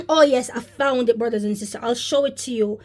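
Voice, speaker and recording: A woman's voice: fairly high pitch, moderate pace, a little mellow. Rambling woman vlogger preaching. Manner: rambling, repeatedly addresses viewers as brothers and sisters. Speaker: religious vlogger. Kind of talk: casual spoken religious commentary.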